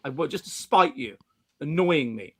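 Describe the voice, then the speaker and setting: A middle-aged English man hosting a casual live-stream chat, animated, with frequent restarts and playful mimicry. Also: fairly high pitch, normal speed. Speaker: host.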